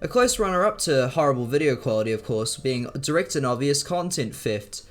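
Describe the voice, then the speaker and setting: A man's voice: mid-range voice, very animated, brisk. A young man narrating scripted commentary in a sarcastic, profane way. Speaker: video commentator.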